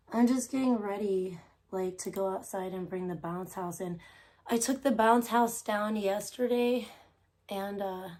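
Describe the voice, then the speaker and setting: A woman streamer talks loosely to her viewers, rambling and easily distracted, with the odd casual swear. Her voice sits at a middle pitch for a woman. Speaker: livestreamer. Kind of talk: casual live stream chat.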